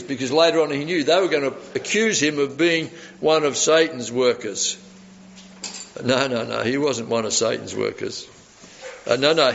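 A man's voice: mid-range voice, creaky, highs cut off, a little hiss or hum. A male pastor giving a sermon, teaching through scripture with casual asides and rhetorical questions.

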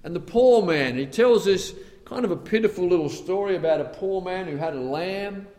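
A man's voice: sits high, expressive, moderate pace. Male preacher, conversational asides, dramatic dynamics, ringing hall reverb. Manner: dramatic swings from loud outbursts to hushed tones; conversational asides between scripture quotes. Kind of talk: sermon. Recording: long reverb of a large hall.

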